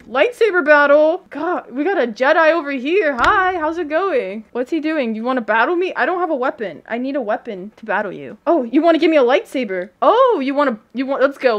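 A woman gaming streamer with a high, lively voice that swoops up and down as she reacts. She is excitable and giggly, breaking into yelps and shrieks as she talks over her headset mic. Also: slight background noise. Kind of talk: live game commentary.

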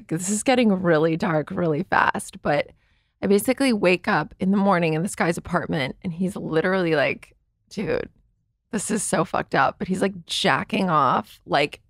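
A woman with a fairly low voice is a guest on a podcast, telling candid stories in a chatty way. She fills her speech with "like" and acts out what people said, recorded with studio quality and no echo.

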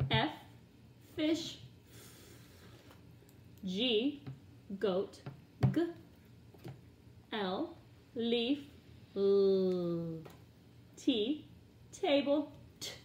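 A woman leading a phonics drill, naming each letter, a sample word and its sound with careful, deliberate enunciation. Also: on the high side, slight background noise. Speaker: phonics teacher. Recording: echoey room.

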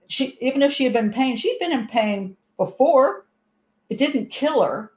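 A woman's voice: high voice, animated, normal speed, darkish tone. A woman hosting a show, giving casual commentary and telling a rambling, chatty personal story full of restarts. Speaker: host and commentator. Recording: echoey room.

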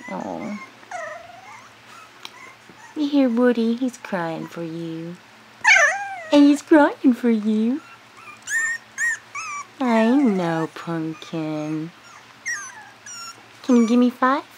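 A woman's voice: a little high, lively intonation, extremely slow, pauses often, noisy background. A woman cooing to her puppies in sing-song baby talk while filming them on a home video. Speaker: dog breeder filming puppies.

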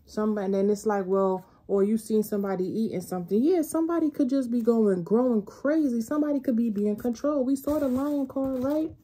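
A woman's voice: a little high, brisk, few pauses, warm tone, husky. A woman giving a casual spiritual tarot reading, talking bluntly and profanely in a loose, rambling way. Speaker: tarot reader.

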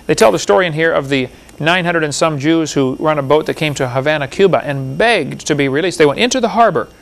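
A man with a gravelly voice on the high side gives a classroom lecture. He reads book passages aloud in an impassioned, rambling way.

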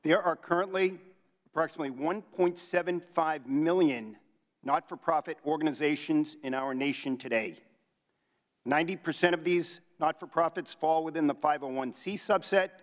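Formal man reading testimony in a hall. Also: on the high side. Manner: formal, measured delivery. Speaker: hearing witness, financial investigator. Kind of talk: read prepared statement. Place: congressional hearing room.

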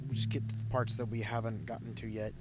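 A man's voice: on the low side, flat delivery, fast talker, music in the background. A young man giving casual, profane, jokey commentary while playing a game. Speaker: let's play host.

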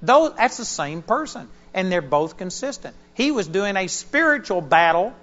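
A man preaching a sermon to a church congregation, telling stories with animated emphasis. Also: high voice, moderate pace. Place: church auditorium during a live service. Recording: dull lo-fi sermon recording.

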